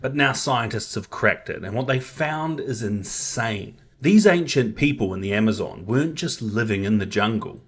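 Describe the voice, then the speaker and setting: Man, lowish voice, punchy science explainer, enthusiastic. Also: animated, moderate pace, hardly any pauses, slight background noise.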